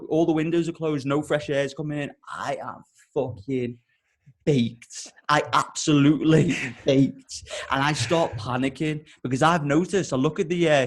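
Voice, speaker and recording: A young man hosts a casual podcast and tells a long, animated story. He rambles and swears freely, and his voice sits a little on the high side. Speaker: podcast host.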